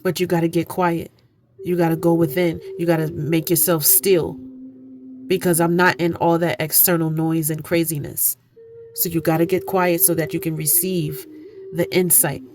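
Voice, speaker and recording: A woman's voice: low voice, little pitch movement, moderate pace, over music. Earnest, preachy woman card reader. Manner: earnest, preachy, repeats phrases for emphasis. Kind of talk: oracle card reading. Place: indoor room, candles lit.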